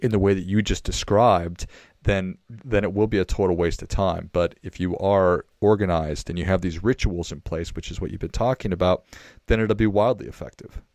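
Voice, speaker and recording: A man with a very deep voice hosts the conversation, thinking aloud and circling back with repeated words. The sound is dry and close, without any room echo. He speaks in a reflective, unhurried way. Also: steady tone, darkish tone. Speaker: podcast host. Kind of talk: conversational interview.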